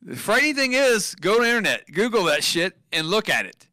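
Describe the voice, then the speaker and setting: Excitable, bright-voiced male co-host. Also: high-pitched, brisk, no echo, studio quality. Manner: excitable, profane, laughs often. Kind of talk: casual chat, reading news stories.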